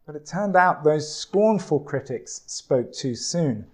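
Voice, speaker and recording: A man preaching a sermon, telling a story and reading scripture in a measured, deliberate way. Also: a little high, expressive.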